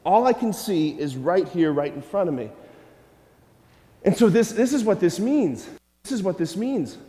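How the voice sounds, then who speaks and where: A man, a Catholic priest, preaching a lively homily, animated and questioning the congregation. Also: sits high, measured pace. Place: church. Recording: long church reverb.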